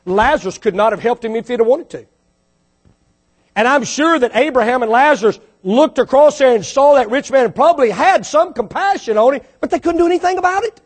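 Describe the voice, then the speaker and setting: A man's voice: extremely high pitch, lively intonation, brisk, breathy edge. A man preaching a sermon as pastor, full of rhetorical questions, often repeating and restarting words, rising to fervent peaks.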